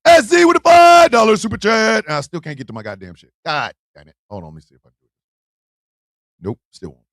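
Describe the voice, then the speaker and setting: Loud profane male stream host. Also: high-pitched, huge pitch swings, fast talker, no room sound, studio quality. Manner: loud, profane, shouting and laughing, swings from yelling to muttering. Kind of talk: profane live-stream rant.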